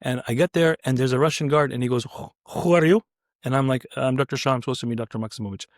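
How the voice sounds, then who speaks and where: A man's voice: medium pitch, fairly even intonation, rapid-fire, no echo, studio quality. A man, a surgeon, telling a story casually and acting out the dialogue with quoted voices, often restarting his sentences. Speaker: neurointerventional surgeon, podcast guest.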